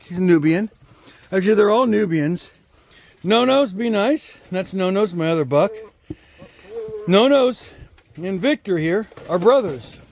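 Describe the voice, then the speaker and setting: A man's voice: high-pitched, darkish tone, a little hiss or hum. A man doing a casual vlog while feeding his goats outdoors, talking to the camera in chatty asides and cooing at the animals in a sing-song. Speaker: homesteader. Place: outdoors at a goat pen.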